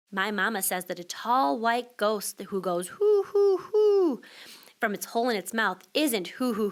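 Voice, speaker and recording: Expressive woman reading a storybook aloud. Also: on the high side. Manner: expressive, switches voices for child and mother. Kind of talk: children's storybook read-aloud.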